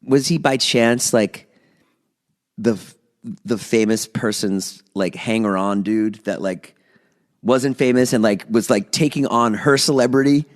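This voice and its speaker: A man's voice: mid-range voice, unhurried. A man co-hosting a podcast in casual chat, cutting in with jokes and teasing questions. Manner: joking, teasing interjections. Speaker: podcast co-host.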